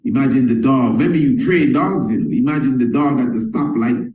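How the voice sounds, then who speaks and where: A man's voice: medium pitch, brisk, a little mellow, echoey room, poor audio. A man giving a motivational sales talk, emphatic and repetitive, calling his listeners family.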